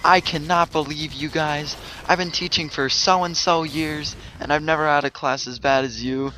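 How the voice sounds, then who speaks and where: A man mimicking a stern yelling veteran woman teacher. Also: a little high, steady tone, moderate pace, slight background noise, pitched above the performer's own voice, poor audio. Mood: scolding. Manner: scolding, raised voice.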